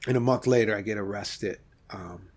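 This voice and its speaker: A middle-aged man from Los Angeles, a podcast guest, tells a candid story from his past in an animated way, rising sharply and then dropping off softly. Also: fairly low pitch, moderate pace. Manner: vivid, animated retelling with sudden rises and soft drop-offs.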